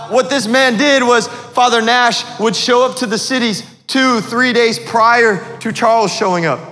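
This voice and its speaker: High-voiced male pastor preaching in a hall. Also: pushed and bright. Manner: preaching with call-and-response questions to the congregation. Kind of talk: sermon.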